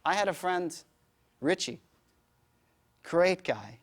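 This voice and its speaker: A man's voice: sits high, slow. A man teaching yoga, answering audience questions with emphatic, rhetorical explanations. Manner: emphatic, rhetorical, animated storytelling.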